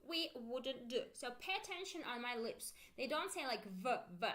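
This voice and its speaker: A woman with a Russian accent leads a live-streamed English lesson in a bright, forward voice pitched somewhat high. She says drill phrases slowly so learners can repeat them. Between drills she explains at length, often restarting her sentences. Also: animated. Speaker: English teacher.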